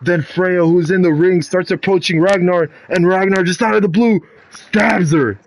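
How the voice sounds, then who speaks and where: A man narrating a wrestling video game storyline in a dramatic play-by-play style, building to loud climaxes. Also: high-pitched, normal speed, slight background noise.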